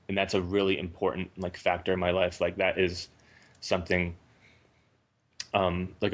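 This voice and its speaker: Deep monotone guy in his 30s, nervous caller, lots of ums. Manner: hesitant, many fillers and restarts. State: anxious. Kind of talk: halting phone conversation.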